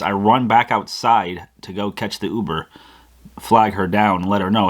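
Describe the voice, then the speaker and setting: A young man with a lowish voice recounts a personal mishap straight to his viewers. He talks casually and animatedly, acts out his own thoughts and often trips over and restarts his words. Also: moderate pace. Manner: animated retelling with frequent restarts and acted-out inner quotes. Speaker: vlogger. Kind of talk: casual storytelling to camera.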